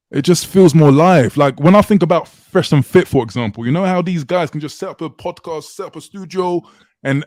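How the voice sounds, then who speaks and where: A man's voice: on the high side, darkish tone, no echo. Chatty male livestream host. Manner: chatty, hypes up viewers. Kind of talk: casual livestream chat, reading super chats.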